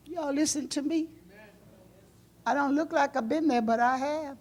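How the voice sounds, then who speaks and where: Speaking at a moderate pace, this woman preaches to a church, her sermon alternating between emotional, loud outbursts and soft, subdued passages.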